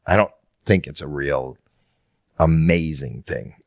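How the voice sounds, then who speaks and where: A man co-hosting a podcast, chatting casually and thinking aloud in halting, restarting sentences. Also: extremely low pitch, vocal fry, dry recording, studio quality. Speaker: podcast co-host. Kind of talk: casual chat.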